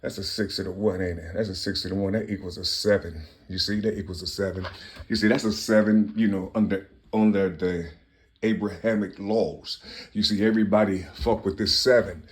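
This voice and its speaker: A man in his fifties delivers an impassioned, rambling monologue, lurching between loud bursts and low mutters and repeating himself. His tone is steady and his pace a little fast.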